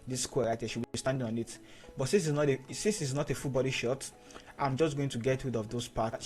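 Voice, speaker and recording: A man teaching photo editing in a screen-recorded tutorial, giving steady step-by-step instructions and repeating key points. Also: medium pitch.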